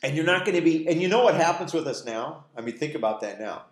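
A man's voice: on the high side, expressive, fast. A man leading a conversational Bible study in a church meeting room, folksy in manner, posing rhetorical questions and acting out quoted dialogue for a small group. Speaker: Bible teacher. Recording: echoey room.

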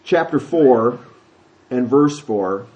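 A man preaching a sermon, teaching from the Bible in a chatty, folksy way, reading scripture aloud and slipping into quick voices. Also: medium pitch, lively intonation, highs cut off. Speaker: pastor.

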